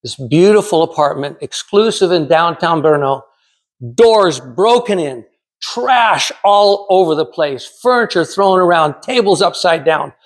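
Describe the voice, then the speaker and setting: A man in his sixties from California giving a prepared storytelling speech in a measured, dramatic way with pauses. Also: on the high side, animated. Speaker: club speaker.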